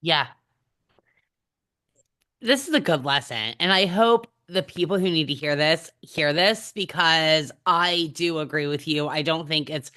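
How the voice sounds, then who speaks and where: A woman hosting an interview in a low voice with a bright, forceful edge. She talks loosely and casually, full of fillers and the odd swear word. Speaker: podcast host.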